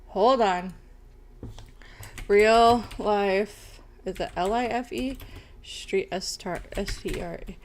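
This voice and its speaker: A woman's voice: mid-range voice, slow, long pauses, a little mellow, slight background noise. A young woman streamer chatting casually and rambling, swearing often and tagging lines with "bro" and "okay?". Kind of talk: casual livestream chat.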